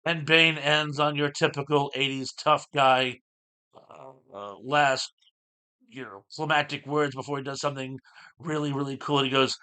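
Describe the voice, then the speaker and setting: A man's voice: mid-range voice, little pitch movement, normal speed, bright, forceful tone, clear, resonant tone. Rambling man recapping old comics. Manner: rambling, lots of fillers. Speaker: show host.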